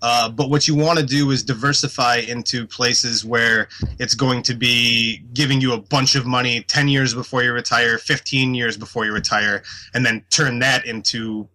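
A man with a bright, forceful voice at an average pitch, chatting as a podcast co-host. He explains his points loosely, leaning on fillers. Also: fairly even intonation, moderate pace, poor audio. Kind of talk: casual chat.

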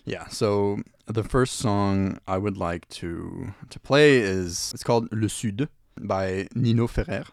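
A young man with a French accent, a guest talking haltingly in a casual radio interview, often restarting his sentences. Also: fairly low pitch, vocal fry, dry recording, clean studio sound. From Italy. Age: young adult. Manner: halting, many restarts and fillers.

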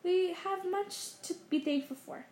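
A woman reading aloud and voicing a wise, gently teasing old male wizard headmaster in a mild, genial way. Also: extremely high pitch, a little slow, voice pushed up. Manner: mild, genial, lightly playful. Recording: roomy echo.

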